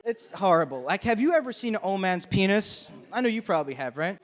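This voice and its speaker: A man's voice: high-pitched, sing-song, brisk. A young man performing a crude, brash stand-up comedy set on a comedy club stage.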